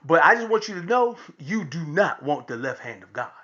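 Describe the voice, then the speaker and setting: Animated man telling a comic story. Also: fairly high pitch, brisk, lo-fi sound. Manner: animated, preacher-like delivery. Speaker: comedian.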